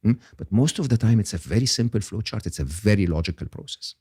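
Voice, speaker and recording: An older man, a guest on an interview podcast, explaining ideas in an animated, emphatic way and often checking in with "okay?". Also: on the low side, fast, husky, no room sound, studio quality.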